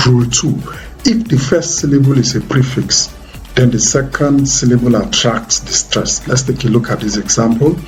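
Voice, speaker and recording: A man's voice: mid-range voice, a little mellow. A man teaching an exam-prep English lesson, explaining pronunciation rules step by step in a methodical way. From Nigeria. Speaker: English tutor.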